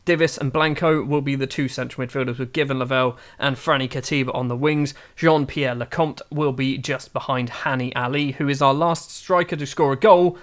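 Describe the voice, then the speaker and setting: A man giving chatty, self-mocking game commentary that gets excitable. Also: medium pitch, a little fast, hardly any pauses. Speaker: gaming YouTuber.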